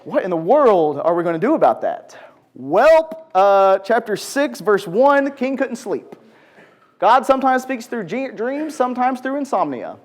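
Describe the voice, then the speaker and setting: A man's voice: very high voice, a little slow. A man teaching a conversational Bible lesson to a group in a large church room, asking the audience questions and acting out quotes. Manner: animated, asks the audience questions, acts out quotes.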